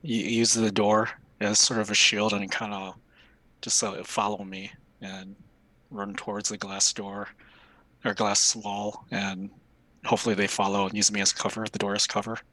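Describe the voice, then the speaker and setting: A man's voice: on the low side, little pitch movement, normal speed, sharp tone. A man playing a tabletop role-playing game, talking casually and tentatively about what his character does. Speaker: player. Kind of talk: tabletop play chat.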